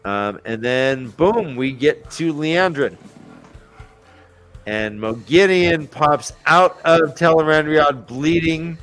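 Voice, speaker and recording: Slow-talking man recapping a book. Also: fairly high pitch, clean tone, soft background music. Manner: animated retelling, acts out characters' lines. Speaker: podcast host recapping book chapters. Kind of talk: casual chat.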